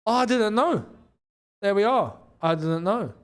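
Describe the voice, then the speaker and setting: A young Londoner hosts a live football watchalong, his high, expressive voice moving at a measured pace. He chats casually about the match, laughs a lot, and reads out viewers' super chats.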